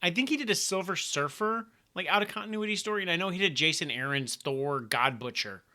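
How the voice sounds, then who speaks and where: Bright fairly high guy cohosting a podcast, chatty, lots of "i mean". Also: animated, fairly quick. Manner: chatty, hedging. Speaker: podcast co-host. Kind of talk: casual chat.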